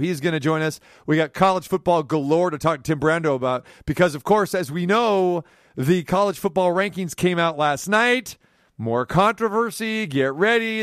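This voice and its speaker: A sports talk radio host tells a story in a lively monologue, and his high-sitting voice climbs sharply whenever he gets worked up. The studio recording is clean, with no echo.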